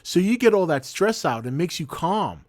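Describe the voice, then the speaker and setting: A man's voice: high voice, very animated, normal speed, dry recording, clean studio sound. A man putting on a tipsy gushing young woman.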